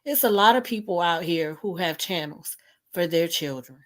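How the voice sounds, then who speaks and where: A woman with a lowish voice hosts a live stream talk. She pleads with her listeners and keeps repeating her key phrases. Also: expressive, normal speed. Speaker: host.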